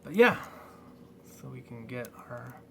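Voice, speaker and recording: A man's voice: medium pitch, sing-song, creaky, a little hiss or hum. A man reviewing a toy figure in a casual, rambling way, full of fillers and restarts. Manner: rambling, halting, many fillers. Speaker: toy collector vlogger.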